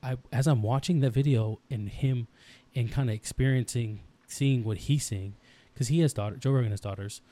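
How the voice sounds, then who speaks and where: A man's mid-range, dark voice moves at a moderate pace with few pauses. As a thirty-something co-host of a casual podcast, he speaks intensely and ramblingly about his daughters, restarting often.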